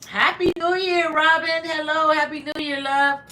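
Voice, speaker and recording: A woman hosting a casual livestream, greeting viewers by name and giving motivational talk. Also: normal speed. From from mixed German and Latin family. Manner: laughs often, lively swings in pitch. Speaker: livestream host.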